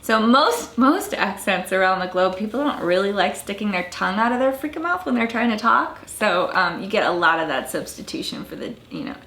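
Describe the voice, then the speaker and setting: Bright-voiced Southern woman explaining dialects. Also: medium pitch, lively intonation, brisk, hardly any pauses. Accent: Southern American. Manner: informal, many fillers and restarts, blunt asides. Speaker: dialect researcher. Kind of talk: casual explanation to camera. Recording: echoey room.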